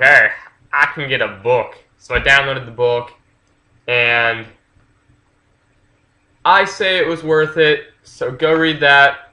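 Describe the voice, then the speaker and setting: A man with a very bright, sharp voice reviewing a book for his vlog in an offhand way. He is slangy and freely profane, and scatters fillers through his sentences. His pitch sits in an ordinary middle range for a man. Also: reverberant. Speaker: channel host.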